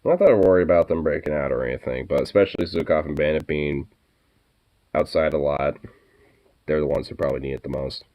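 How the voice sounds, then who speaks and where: A man's voice: very deep voice, fast talker, muffled recording. A man chatting casually on his vlog in a laid-back way, swearing freely and cooing at his pets. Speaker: vlogger. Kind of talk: casual chat.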